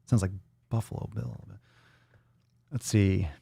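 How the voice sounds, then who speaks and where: A man hosting a casual livestream podcast, rambling and profane as he thinks out loud. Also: lowish voice, fairly even intonation, a little fast, vocal fry, breathy edge. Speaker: podcast host.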